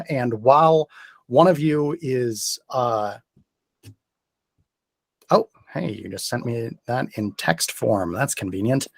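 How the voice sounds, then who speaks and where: A man's voice: medium pitch, no echo. A man running a tabletop game as game master, explaining the rules in a careful, methodical and hesitant way.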